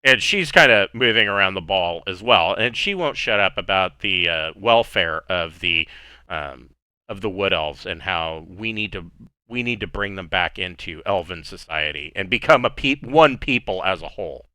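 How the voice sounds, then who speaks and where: A man narrating a tabletop game as game master, in a relaxed, rambling way with many fillers. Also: low-pitched, moderate pace, clean tone, no echo.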